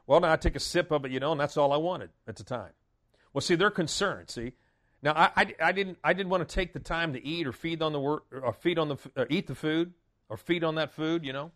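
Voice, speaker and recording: Preacher man, folksy, stammers and restarts, then declares loudly; slightly high-pitched. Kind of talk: sermon.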